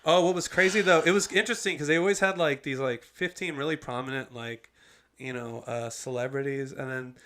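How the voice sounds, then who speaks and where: A man's voice: mid-range voice, fairly even intonation, fairly quick, fairly bright tone. A young man hosting a casual podcast chat, rambling with lots of fillers and casual swearing. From Los Angeles area. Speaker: podcast host.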